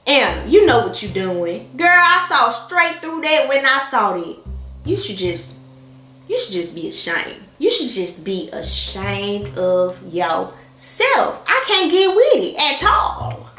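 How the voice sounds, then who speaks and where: A woman's voice: on the high side, big pitch swings, slow pace, pushed and bright. A woman, sassy and direct as she reacts to a TV episode and talks straight to her viewers. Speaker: reaction vlogger. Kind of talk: animated reaction vlog. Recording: echoey room with faint music.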